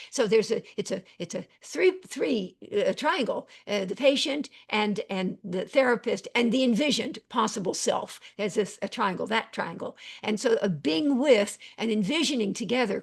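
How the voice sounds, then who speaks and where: A woman's voice: medium pitch, vocal fry, husky. A woman psychiatrist teaching an online webinar, reading chat questions aloud and thanking attendees, rambling with many fillers and repeated phrases.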